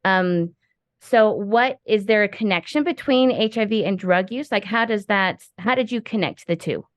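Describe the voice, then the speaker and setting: A woman's voice: mid-range voice, moderate pace, dry recording, studio quality. A woman hosting an interview with curious questions, filler words and restarts. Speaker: podcast host. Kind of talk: casual interview chat.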